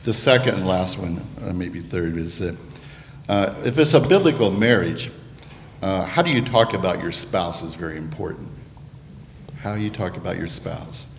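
A man's voice: sits low, normal speed, big-room sound, slight background noise. An older man earnestly sharing a personal testimony about marriage at church, with some restarts. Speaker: guest speaker on marriage.

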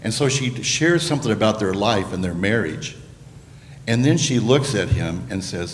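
Older guy, really deep voice, earnest church testimony, echoey hall with faint hum. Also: lively intonation, moderate pace. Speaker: guest speaker on marriage. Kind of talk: sharing a personal testimony.

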